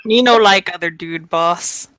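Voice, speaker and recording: A woman voicing a dim, hulking male stone brute who talks in slow, simple grunts. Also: on the low side, a bit bright, rough recording.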